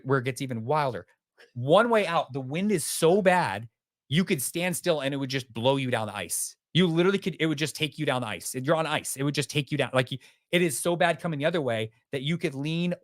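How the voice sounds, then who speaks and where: A man telling a vivid story as a podcast guest, lively and animated. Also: on the high side, fairly quick, no echo, studio quality. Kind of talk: storytelling in an interview.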